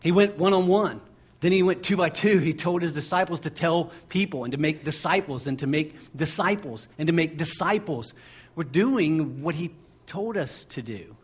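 A man's voice: on the high side, moderate pace, husky. A man preaching a sermon, impassioned and building through repeated phrases. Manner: impassioned, driving repetition.

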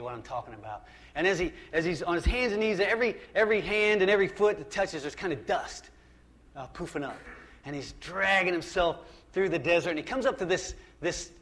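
A man's voice: a little high, a bit bright. Man preaching a conversational sermon. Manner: conversational, emphatic, frequent restarts and repetition. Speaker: pastor.

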